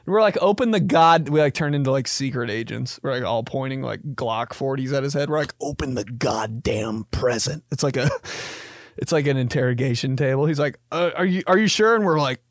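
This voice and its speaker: A man's voice: medium pitch, a little fast, dry recording, studio quality. A young man hosting a podcast, riffing in a jokey comedic monologue and slipping into silly voices. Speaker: podcast host.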